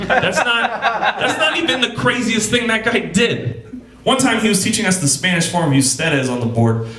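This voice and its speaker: A young man performing a stand-up comedy set in a theater, telling stories in a deadpan way with animated voices. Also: high-pitched, moderate pace. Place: theater stage. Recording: roomy live theater with loud crowd. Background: audience laughter.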